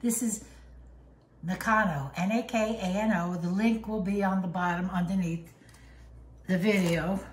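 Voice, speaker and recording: A woman's voice: mid-range voice, fairly even intonation, normal speed, darkish tone, echoey room, a little hiss or hum. An older woman giving a chatty, homey cooking demonstration in her kitchen, with chuckling asides. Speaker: home cook.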